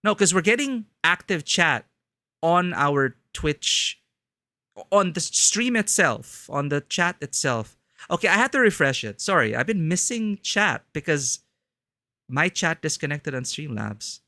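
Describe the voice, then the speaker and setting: A man's voice: a little high, sing-song, measured pace, pushed and bright, no echo. A man chatting casually on a live game stream, rambling and cutting himself off mid-thought. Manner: rambling, self-interrupting.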